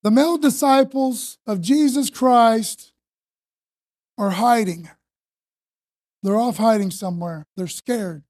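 A woman's voice: a little high, takes it slowly, pauses often, a little mellow, dry recording, studio quality. A woman preaching a sermon in a conversational, slangy and emphatic way.

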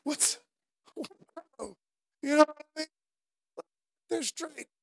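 A woman's voice: high voice, slow pace, creaky, no room sound, clean studio sound, voice pushed up, heavily acted. A woman preacher voicing Lazarus as a delighted man marveling at heaven in casual slang.

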